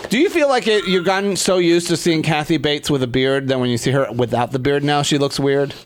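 A man's voice: fairly high pitch, fairly quick, a little hiss or hum. A man co-hosting a podcast, chatting in a playful, teasing way. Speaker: podcast co-host. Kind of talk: casual interview chat.

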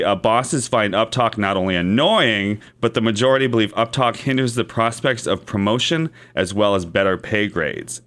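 A man co-hosting a podcast, chatting and reading research aloud at a measured pace. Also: fairly low pitch, a bit bright. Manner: conversational, reads notes aloud deliberately. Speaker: podcast co-host. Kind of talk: casual podcast chat.

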